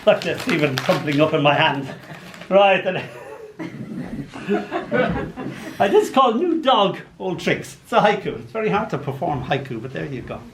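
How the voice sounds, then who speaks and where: A little slow and pausing often, an Irish poet in his sixties with a voice on the high side tells playful stories and animated comic asides between poems. He reads live to an audience in an arts venue hall, where the roomy sound picks up faint background noise.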